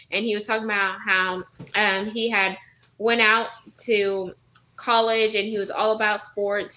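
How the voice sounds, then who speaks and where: A woman guest on a casual web show, talking over a remote call. She has a bright, forward voice and tells her story loosely, quoting people with plenty of "like" and "or whatnot". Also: mid-range voice, poor audio. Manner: storytelling, quotes others with filler words. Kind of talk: casual chat.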